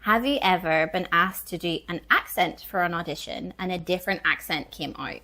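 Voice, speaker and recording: A young actress hosting a casual chat, laughing often and telling stories with animated energy. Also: female voice, fairly low pitch, normal speed. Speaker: actress and channel host.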